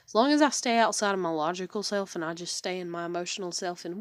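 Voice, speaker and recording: A woman's voice: fairly low pitch, quick pace, hardly any pauses, no room sound. A middle-aged woman venting in a personal vlog, swearing often and full of fillers, sounding worn down and depressed. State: depressed and weary. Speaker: vlogger. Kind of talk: emotional personal vlog rant.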